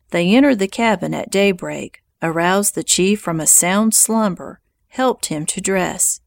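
A woman reading historical nonfiction aloud in a measured, even audiobook narration. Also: mid-range voice, dry recording, clean studio sound.

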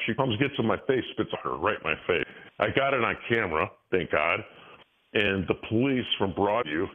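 A man in his sixties tells his stories in an animated rush, stumbling and restarting as he goes. His voice sits on the low side and comes through a thin, tinny phone line. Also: brisk. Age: 60s. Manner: animated storytelling with frequent restarts. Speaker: guest. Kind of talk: casual interview talk.

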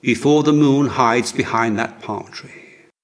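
A man reading the lines of a solemn old royal physician, slow and hushed, as in an audiobook. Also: medium pitch, natural voice. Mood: grave. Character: grave old royal physician, quiet and sorrowful.

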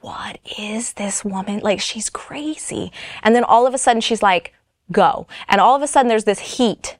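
A woman's voice: mid-range voice, a bit bright, no room sound, studio quality. A woman casually and frankly telling a personal testimony, her speech full of "like" and "you know". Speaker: storyteller.

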